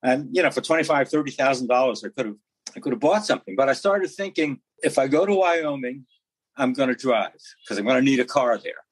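Older guy from new york, husky voice, dry close sound, jokey self-mocking stories. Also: medium pitch, animated, fairly quick, no room sound, rough recording. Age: 70s. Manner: wry, self-mocking storyteller. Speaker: podcast guest. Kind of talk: casual chat.

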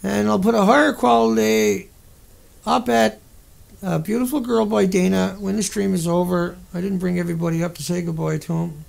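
A man's voice: high voice, fairly even intonation, normal speed, vocal fry, a little mellow, slight background noise. A man hosting a livestream, ranting in an indignant, profane, rambling way. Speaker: livestream host. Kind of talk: angry livestream rant.

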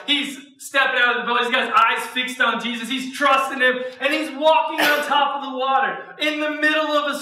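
Man, student pastor, high voice, very bright tone, lively sermon, echoey hall. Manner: animated storyteller, acts out quotes, laughs often. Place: church auditorium. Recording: echoey hall, mic at a distance.

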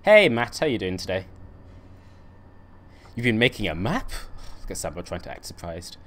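A man's voice: deep voice, sing-song, moderate pace, fairly bright tone. Chatty man live-streaming a game. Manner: chatty, reacts to chat, laughs often. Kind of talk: live-stream commentary while playing.

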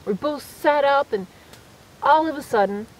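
A woman chatting to camera while camping alone in the woods at night, telling lively stories in a casual, animated way. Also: high-pitched, measured pace, low-quality recording. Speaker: solo camping vlogger.

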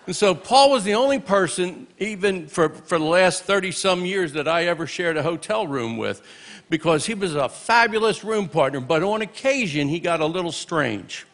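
A man in his late sixties speaks at a church memorial. His voice sits a little high for a man. He shares memories of an old friend as stories and breaks into shouts of praise between them. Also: animated, moderate pace. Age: 60s. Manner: storytelling, punctuated with exclamations of praise. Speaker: minister giving a eulogy. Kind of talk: memorial tribute speech with humorous anecdotes.

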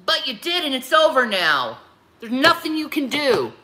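A woman's voice: high voice, sing-song, moderate pace, pushed and bright. A woman in her thirties hosting a livestream, answering her critics in a heated, confrontational rant and often repeating herself. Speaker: livestream host.

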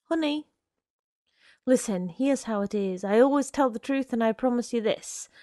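A woman voicing a smooth-talking, menacing young man who speaks in a coaxing, insistent way. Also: a little high, moderate pace, dark tone, dry recording, clean studio sound, natural voice.

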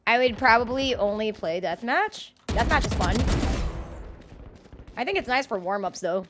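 A slightly high-voiced woman streamer, swinging her pitch all over as she reacts. She chats casually, swears freely and laughs a lot. Clear game gunfire rattles behind her. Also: animated, normal speed, noisy background. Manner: loud, swearing, laughing often. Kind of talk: casual gaming chat.

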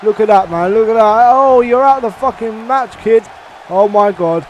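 A man commenting on his own wrestling game play, swearing and reacting loudly to every move. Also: high-pitched, normal speed, highs cut off, a little hiss or hum. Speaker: gamer playing a wrestling game. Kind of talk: excited let's-play commentary.

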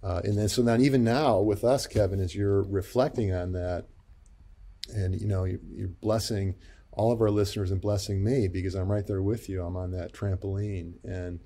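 A man speaks as a pastor-psychologist guest in a gentle, reflective way, often pausing on fillers. His voice is low and mellow, warm rather than bright. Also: steady tone. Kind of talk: interview conversation.

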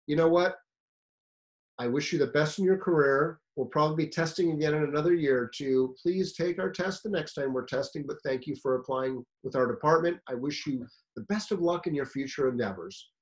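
A man voicing a calm, courteous male fire chief who speaks firmly and formally. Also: on the high side, a little fast, close to an everyday voice. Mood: polite firm.

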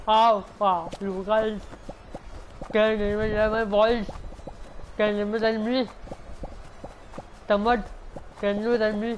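A man streaming a game, talking in halting, repetitive English mixed with Hindi. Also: high voice, flat delivery, muffled recording, slight background noise. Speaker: gaming streamer. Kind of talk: casual live-stream chat.

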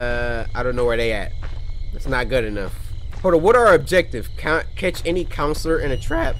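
A man in his twenties doing loud, joking let's play commentary, his voice cracking into high squeaks. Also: a little fast. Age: 20s. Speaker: gaming YouTuber. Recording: game music playing under the voice.

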